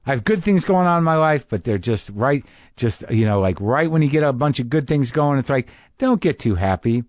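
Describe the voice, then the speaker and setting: A man's voice: mid-range voice, lively intonation, fairly quick, darkish tone, no echo. A man hosting a podcast, telling a rambling, self-deprecating story in a casual comedic monologue. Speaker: podcast host.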